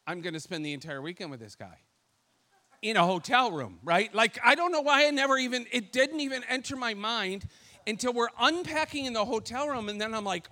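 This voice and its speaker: A man giving a casual, animated preaching testimony with self-deprecating humor and lots of "like" fillers. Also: high voice, fairly quick. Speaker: speaker sharing testimony.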